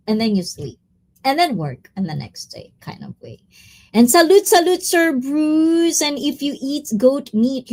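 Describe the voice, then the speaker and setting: A woman chats casually to her live-stream viewers, calling out their names. Her pitch swings up and down constantly while she takes her time, and she gets giggly and excited at the smallest thing. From Philippines. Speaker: livestreamer reading chat.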